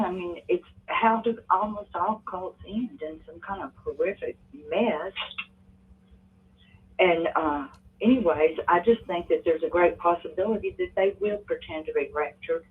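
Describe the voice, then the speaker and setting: A woman's voice: on the low side, husky. A woman with a Southern US accent calling in, speaking in a hesitant, rambling way. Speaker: caller. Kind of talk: phone-in comment. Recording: tinny phone line.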